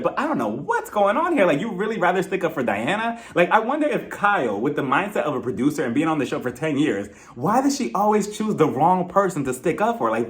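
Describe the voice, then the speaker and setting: A young man casually recapping a reality TV episode in an animated way, mimicking the cast in mocking voices. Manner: animated, acts out cast members' lines in high mocking voices. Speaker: reality TV reviewer.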